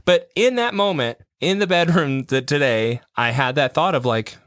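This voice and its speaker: A young man co-hosting a podcast in casual chat, animated, laughing often and trailing off into restarts. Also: fairly high pitch, normal speed, dry recording, clean studio sound. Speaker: podcast co-host.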